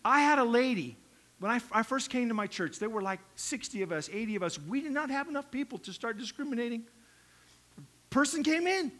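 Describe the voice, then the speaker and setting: A man's voice: extremely high pitch, lively intonation, fast talker, fairly bright tone. A middle-aged male pastor preaching a sermon in a conversational, humorous way, acting out little quotes.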